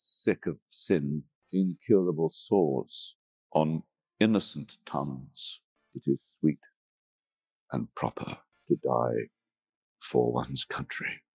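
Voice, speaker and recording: A grieving nobleman whose very deep, gravelly voice moves slowly and deliberately. He speaks with dry, clipped restraint, close and dry on the mic. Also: a little mellow, no room sound, heavily acted. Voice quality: dry, measured, clipped delivery. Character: grieving aristocratic British father, stern yet dry. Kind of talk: film dialogue and recited verse.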